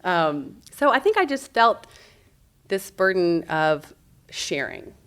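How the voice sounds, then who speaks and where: Low-voiced woman, animated storyteller. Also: slow, smooth. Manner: animated, acts out quoted speech. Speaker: guest, parenting speaker. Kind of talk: conversational podcast storytelling.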